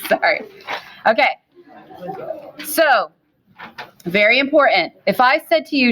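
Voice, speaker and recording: Lively woman teaching a math class. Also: a little high, takes it slowly, long pauses. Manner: lively, repeats key points, asks students questions. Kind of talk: classroom lecture.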